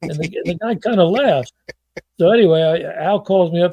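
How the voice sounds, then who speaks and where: A man's voice: on the high side, brisk, mellow, no room sound. An older man, a former football front-office executive, telling rambling stories as an interview guest, with lots of restarts and acted-out quotes. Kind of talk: anecdotal interview storytelling.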